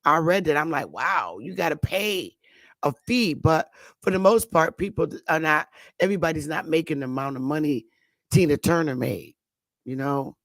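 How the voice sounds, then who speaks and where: A woman's voice: low voice, steady tone, fairly quick, dry recording, studio quality. A woman hosting a casual morning talk show, rambling and blunt, with frequent swearing.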